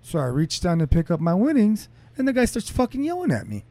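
A man's voice: fast talker, dry recording. A man co-hosting a casual chat, telling stories with lots of swearing, his voice rising sharply when he gets heated. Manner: animated, profane storytelling that climbs in pitch when heated.

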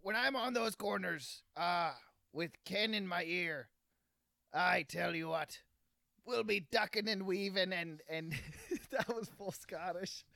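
Guy doing a bumbling canadian racer, high-ish gravelly voice, dry mic, keeps tripping on words. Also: pushed and bright, no echo, full character voice. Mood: rambling. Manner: halting, stumbling over words. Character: bumbling Canadian male race car driver, eager. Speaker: race car driver. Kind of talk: improvised comedy interview.

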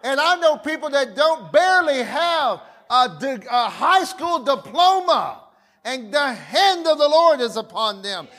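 Casting: a fiery male pastor with a very high voice, shouting his sermon. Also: very animated, measured pace. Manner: fiery, calls for audience response, often shouts.

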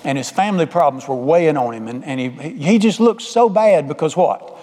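Folksy preacher with a high voice. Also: male voice, expressive, moderate pace, dark tone. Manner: folksy, conversational preaching with repeated phrases. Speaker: pastor. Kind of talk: sermon. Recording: long hall reverb.

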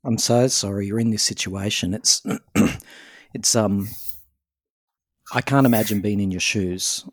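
A man interviews a guest, asking gentle questions. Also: on the low side, a little slow, long pauses, dry recording, clean studio sound.

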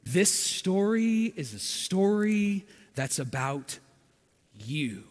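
High-voiced male preacher in a reverberant hall. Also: sing-song, extremely slow. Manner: dramatic storytelling, acting out quotes with swings in volume. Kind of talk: sermon.

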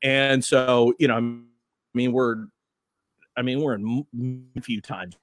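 A man's voice: medium pitch, a little slow, dry recording, clean studio sound. A man who hosts morning radio, chatting loosely and rambling as he tells stories on a podcast. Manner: loose, rambling, animated storytelling. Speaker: morning radio host, guest. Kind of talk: casual podcast chat.

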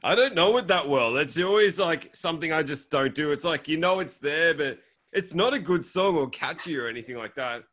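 A man's voice: a little high, expressive, fairly quick, a bit bright. A man with an Australian accent in casual, jokey chat, often slipping into mock voices.

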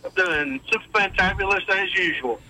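A man's voice: high-pitched, lively intonation, moderate pace, sharp tone, no echo, low-quality recording. A middle-aged man calling in to a radio show, upbeat and rambling with many fillers. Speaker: caller. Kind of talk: casual call-in chat.

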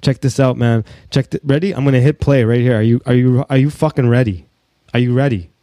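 A man hosting a podcast, rambling casually and excitably with plenty of swearing. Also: mid-range voice, fairly quick, no room sound, studio quality. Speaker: podcast host. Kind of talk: rambling live-stream monologue. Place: home studio in Mexico.

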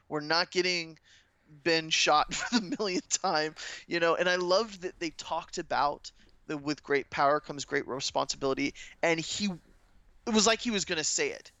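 A man chatting excitedly as a podcast co-host, rambling and enthusiastic. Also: a little high, dry recording. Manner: excited, rambling fan talk. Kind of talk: casual chat.

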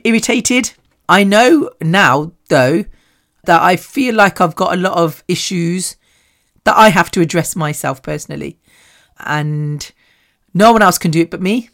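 Animated, chatty woman telling stories. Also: unhurried. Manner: animated and chatty, with frequent laughs and big swings in pitch. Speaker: podcast host. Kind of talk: solo personal storytelling.

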